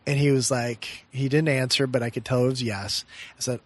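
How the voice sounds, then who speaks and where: A middle-aged man, a meditation teacher, telling a personal story in an earnest, reflective way and often laughing softly mid-sentence. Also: mid-range voice, level tone, brisk, no room sound. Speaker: meditation teacher and podcast guest. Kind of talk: heartfelt personal storytelling in conversation.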